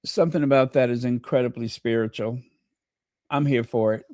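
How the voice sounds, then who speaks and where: A man's voice: mid-range voice, fairly even intonation, moderate pace, darkish tone, no room sound, studio quality. A man hosting a casual livestream, trading snarky gossip, thanking viewers and breaking into bits of song. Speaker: livestream host.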